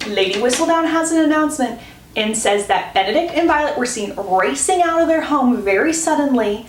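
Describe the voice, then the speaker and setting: A woman's voice: fairly high pitch, a little hiss or hum. A young woman chattily recapping a TV plot with gossipy flair, acting out the quotes. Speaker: book and TV recap creator. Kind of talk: casual plot recap narration. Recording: roomy echo, distant from mic.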